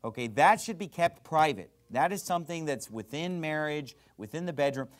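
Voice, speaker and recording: A man preaching a sermon as pastor, fiery and emphatic, swinging between loud bursts and quiet asides. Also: a little high, lively intonation, normal speed.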